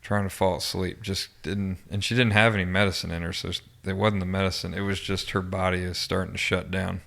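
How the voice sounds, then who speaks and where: Male podcast guest, low voice, monotone, halting recollection with restarts. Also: creaky. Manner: halting, with frequent restarts and fillers. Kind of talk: personal recollection in an interview.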